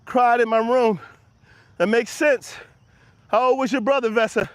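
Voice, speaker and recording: A very high-pitched man talks while walking outside, a little winded but full of push and encouragement for the people watching. He chats right back to his viewers' comments. His voice sits close and dry on the mic. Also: steady tone, unhurried, no echo. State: slightly out of breath from walking. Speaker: motivational livestream host. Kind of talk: live walk-and-talk motivational chat. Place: outdoors on an early-morning walk. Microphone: handheld camera while walking.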